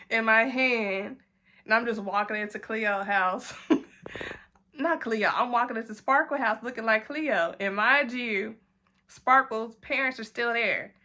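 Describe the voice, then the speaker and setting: A young woman with a bright, fairly high voice, speaking. She tells her story in a casual, animated way, acting out what everyone said and laughing along. It is an easygoing, chatty storytime vlog. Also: measured pace. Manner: animated, acts out quotes in a high voice, swears and laughs. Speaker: vlogger telling a story.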